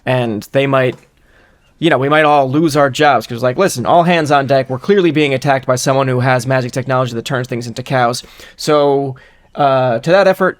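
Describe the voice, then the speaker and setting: A man co-hosting a podcast, reasoning through a hypothetical in casual, rambling chat with a wry edge. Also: mid-range voice. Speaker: podcast co-host.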